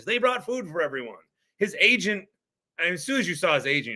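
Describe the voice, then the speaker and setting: Worked-up bright-voiced male sports host. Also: a little high, lively intonation, a little fast. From Wisconsin. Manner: worked-up, exasperated ranting. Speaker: podcast host. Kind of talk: sports talk rant.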